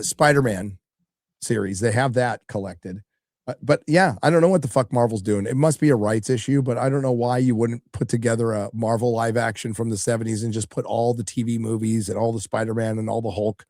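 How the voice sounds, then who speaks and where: A middle-aged man hosts a live stream in a loose, chatty way, cursing often as he reads out viewer messages. His voice sits at an ordinary pitch and is recorded dry and close to the mic. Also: darkish tone, no room sound. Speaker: livestream host reading donations. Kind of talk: casual live-stream chat.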